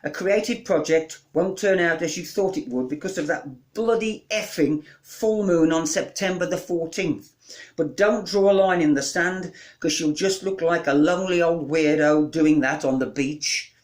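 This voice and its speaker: A man performing comic verse and spoken word, with deadpan delivery that rattles off long lists. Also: a little high, normal speed. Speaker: comic poet.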